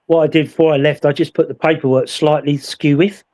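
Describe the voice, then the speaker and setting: A man with a fairly high speaking voice tells a spooky tale in a lively, chatty way. He slips into other voices as he retells what happened. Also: fairly quick. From England. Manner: animated, acts out voices in his story. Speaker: paranormal investigator. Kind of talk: casual storytelling chat.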